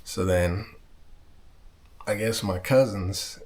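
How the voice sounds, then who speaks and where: The man telling this story has a very deep voice and a loose, rambling delivery. He swears freely, circles back to correct himself, and keeps a casual, conversational tone throughout his vlog. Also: takes it slowly, darkish tone. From Southern California. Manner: rambling, profane, backtracks often. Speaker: vlogger.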